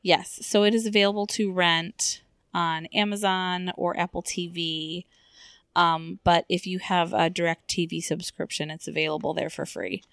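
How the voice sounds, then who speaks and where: A woman in her forties co-hosting a casual movie review chat, easygoing and quick to laugh. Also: lowish voice, flat delivery, a bit bright, no echo, clean studio sound. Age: 40s. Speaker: podcast co-host.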